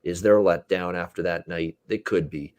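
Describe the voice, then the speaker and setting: A man's voice: sits low, fairly even intonation, normal speed, darkish tone, no room sound. A man hosting a sports betting talk show, chatting loosely with many fillers.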